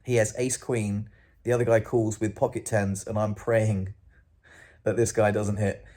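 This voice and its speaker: A man recounting his week to camera in a casual vlog, expressive and swearing freely, acting out what people said. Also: on the low side, a little slow. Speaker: vlogger.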